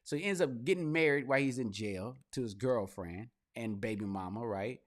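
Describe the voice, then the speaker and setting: A young man hosting his own podcast, talking casually and with energy, swinging into loud, laughing mock rants. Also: mid-range voice, moderate pace. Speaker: podcast host. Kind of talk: casual commentary monologue.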